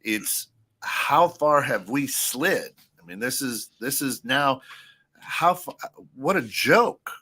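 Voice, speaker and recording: A man's voice: mid-range voice, lively intonation, takes it slowly, pushed and bright, husky. A man co-hosting an internet radio talk show in casual chat, rambling and thinking aloud as he goes.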